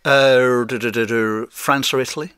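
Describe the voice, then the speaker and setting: A British man hosting a podcast interview, often halting and repeating words. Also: medium pitch, steady tone, fairly bright tone, clear, resonant tone, dry recording, studio quality. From Britain. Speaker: podcast host.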